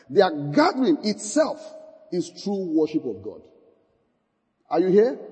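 A man's voice: sits high, warm tone, in a large hall, low-quality recording. A man preaching a sermon as pastor, calling out questions to the congregation and repeating key phrases for emphasis. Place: church hall.

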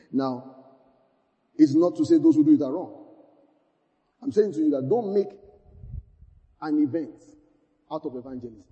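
A man preaches to his congregation from a big, echoing hall, his high voice leaping up and down. His tone is mellow and dark even when he presses a point. He keeps checking in with the room and repeats his lines to drive them home. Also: muffled recording. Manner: call-and-response preaching, repeating phrases. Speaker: pastor. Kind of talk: sermon. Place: church hall.

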